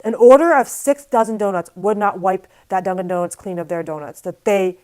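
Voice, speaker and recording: A woman vlogger telling a story to camera in a casual, animated, exasperated way, with lots of "like". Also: medium pitch, a little fast, hardly any pauses, low-quality recording. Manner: casual, filler-heavy speech with frequent "like".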